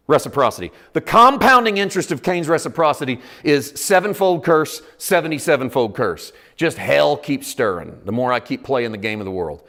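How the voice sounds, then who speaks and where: Animated preaching man with lively pitch. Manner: animated preaching, acts out quoted voices, rising to emphatic bursts. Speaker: pastor. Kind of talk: sermon.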